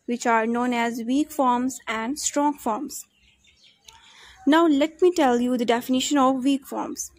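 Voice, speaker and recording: A woman giving a recorded lesson on English pronunciation, saying each example sentence slowly and carefully and then repeating it. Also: high voice. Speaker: English phonology student presenter.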